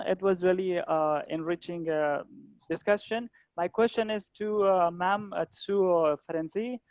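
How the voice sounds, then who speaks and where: A man's voice: sits high, measured pace, darkish tone, dry recording. A young man from Afghanistan asking a panel a question, formal and polite. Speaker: audience questioner. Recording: dry, dull lo-fi call audio.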